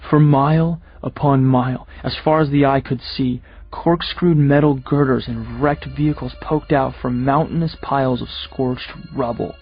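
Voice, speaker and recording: A man with a husky voice narrating a first-person audiobook in a steady, measured way. The recording is dry and close, with a slightly dull, muffled top end. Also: medium pitch, no room sound, soft background music.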